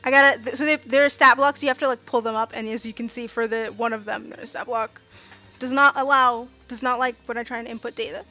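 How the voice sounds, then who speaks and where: A woman with a high, bright voice narrates a tabletop game as its game master. She talks chattily and trails off into fillers, with faint music behind her. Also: fairly even intonation, fairly quick.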